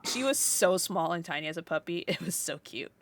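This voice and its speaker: A young woman with a fairly low voice chats casually on a podcast. She rambles through her story, filling it with "like" and starting sentences over. The sound is dry, with little room. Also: animated, fairly quick, no echo. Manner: rambling storytelling with many "like" fillers and restarts. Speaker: podcast co-host.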